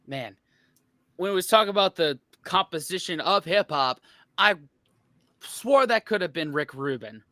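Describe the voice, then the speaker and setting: An American man reacting casually to a quiz clip, with drawn out, excitable comments. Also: high voice, moderate pace, pauses often, dry recording, studio quality. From United States. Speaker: video reactor. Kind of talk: casual chat.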